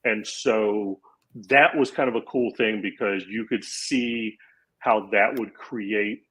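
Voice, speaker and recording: Husky-voiced man telling a rambling story. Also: fairly low pitch, fairly even intonation, takes it slowly, fairly bright tone, low-quality recording. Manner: rambling storyteller with many fillers. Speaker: podcast guest. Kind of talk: casual chat.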